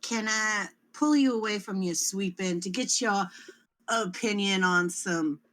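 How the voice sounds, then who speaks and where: A woman's voice: mid-range voice, measured pace, fairly bright tone. A woman playing in a tabletop game, playful and giggly, thinking aloud as she talks. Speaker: player. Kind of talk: tabletop role-play chat.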